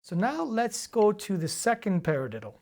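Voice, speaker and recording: A woman's voice: medium pitch, sing-song, moderate pace, dark tone. A woman teaching drum rudiments, explaining and counting sticking patterns step by step in a casual, encouraging way. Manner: casual and encouraging, with fillers and check-ins. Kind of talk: instructional demonstration.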